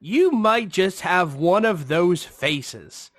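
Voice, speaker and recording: Guy putting on a shrill nosy lady, all chatter, dead-dry mic. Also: lively intonation, slow, no echo, heavily acted. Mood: pushy. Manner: loud, high and sing-song, pestering strangers. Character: chatty middle-aged woman, nosy former deli worker.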